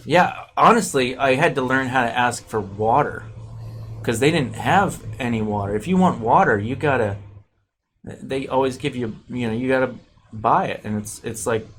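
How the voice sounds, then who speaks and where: A man's voice: medium pitch, normal speed, slight background noise. A man chatting casually as a guest, joking and telling stories. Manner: animated, jokey storyteller. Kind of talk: casual chat.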